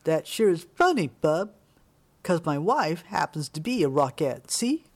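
A towering, dim longshoreman who speaks in blunt, clipped street talk, as a male narrator acts him out. He draws out his words slowly, with a low menace. This is audiobook character voicing. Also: big pitch swings, exaggerated voice. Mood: menacing.

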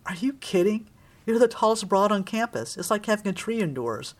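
A woman voicing a gruff, chain-smoking older secretary who talks bluntly and cracks wise in an audiobook reading. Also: medium pitch, lively intonation, normal speed, voice pushed up, natural voice. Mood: needling. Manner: blunt, wisecracking.

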